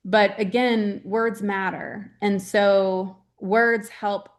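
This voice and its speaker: A woman's voice: mid-range voice, steady tone, very slow. A woman with a mid-range voice talks in a casual interview as a grief specialist. Her delivery is earnest and chatty, and she keeps checking in with little tag questions. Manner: earnest, chatty, many "right?" tags.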